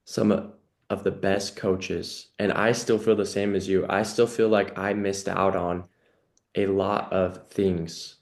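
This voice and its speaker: A man with a somewhat low voice hosts a casual podcast conversation. He talks in an earnest, reflective way and fills his sentences with "you know" and "like". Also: flat delivery, slow pace, vocal fry. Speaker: podcast host.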